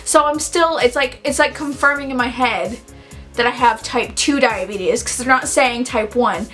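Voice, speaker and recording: A young woman telling a personal story in a casual, animated vlog, saying "like" a lot. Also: fairly high pitch, moderate pace, soft background music. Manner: chatty, animated, heavy use of "like". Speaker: vlogger.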